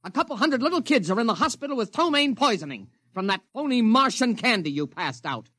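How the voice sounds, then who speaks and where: Sneering city hall guy, high lively voice, dry sound. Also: a little fast, heavily acted. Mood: scornful. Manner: contemptuous, scolding. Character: scornful male city hall official. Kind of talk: 1950s radio drama acting.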